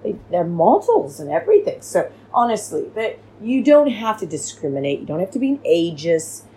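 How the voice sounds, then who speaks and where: A woman's voice: mid-range voice, sing-song, normal speed, warm tone, slightly rough, low-quality recording. A woman hosting a podcast, rambling through a casual recap chat and calling her listeners darlings, recorded at home on a cheap microphone. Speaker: podcast host. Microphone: cheap free microphone.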